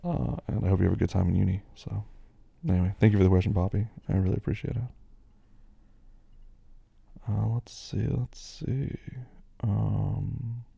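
American man, deep gravelly fry, rambling casual chat, dry close sound. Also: flat delivery, moderate pace, long pauses, warm tone, no echo. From United States. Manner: rambling, with many fillers and restarts. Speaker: host answering listener questions.

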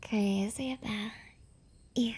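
In a heavily acted whispered role-play, a young woman with a high, darkish voice takes on the part of an obsessive, possessive, clingy girlfriend. Giggles interrupt her breathy whispering.

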